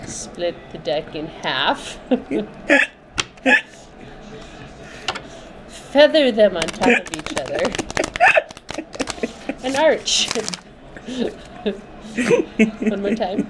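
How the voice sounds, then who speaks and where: Slow-talking woman showing card shuffles. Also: mid-range voice, big pitch swings, background noise. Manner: demonstrating card shuffling step by step, laughing. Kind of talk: casual vlog.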